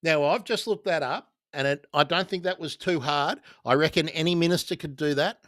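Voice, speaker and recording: A blunt Australian man runs a casual livestream, chatting with viewers and swearing freely. His voice sits a little high for a man. The sound is close and dry, with no room echo. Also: a little fast, a bit bright. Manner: blunt, swears, reads viewer comments aloud. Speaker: livestream host.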